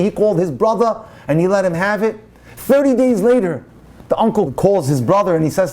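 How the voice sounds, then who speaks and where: A man's voice: expressive, fairly quick, dark tone. A man, a rabbi, giving an inspirational lecture full of passionate storytelling. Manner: passionate storyteller, turning low and solemn.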